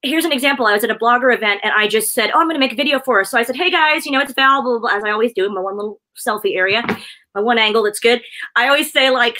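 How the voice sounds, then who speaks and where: A woman's voice: fairly high pitch, very fast, bright, forceful tone. A woman presenter chatting effusively in a casual video interview, laughing often. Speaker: presenter and guest.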